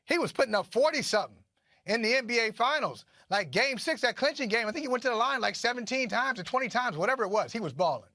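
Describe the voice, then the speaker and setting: A middle-aged man co-hosting a sports debate show, his voice pitched high and his delivery animated. He hammers his points home by repeating phrases. The sound is dry and close. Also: fast talker, no echo. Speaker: co-host of a sports talk show.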